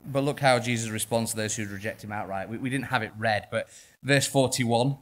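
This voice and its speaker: A man with an English accent preaching a sermon in church, impassioned, swinging between quiet passages and loud ones. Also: mid-range voice, a little fast. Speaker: pastor.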